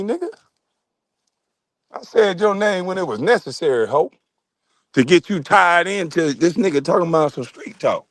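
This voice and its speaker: A brash man ranting to his livestream chat, mocking his critics with plenty of swearing and laughter. His voice sits a little high and swings widely in pitch. The sound is dry and close. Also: animated, normal speed, no echo. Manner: mocking, profane, laughs often. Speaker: livestream host. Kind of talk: profane livestream rant.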